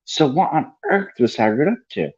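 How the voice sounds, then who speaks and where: A man's voice: on the high side, big pitch swings, moderate pace, a little mellow, husky, dull audio, voice pushed up. A man voicing a clever young schoolgirl witch in a storybook reading, in a raised voice. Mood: curious.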